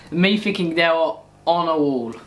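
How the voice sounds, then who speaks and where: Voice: mid-range voice, expressive, measured pace, over loud music. A video host, reacting to a song in casual, chatty commentary and often breaking off mid-sentence. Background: song playing.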